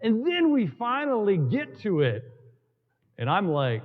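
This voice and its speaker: Animated high-voiced priest preaching. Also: male voice. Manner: storytelling with emphatic repetition and dramatic pauses. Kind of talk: sermon. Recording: tinny, in a long reverberant hall.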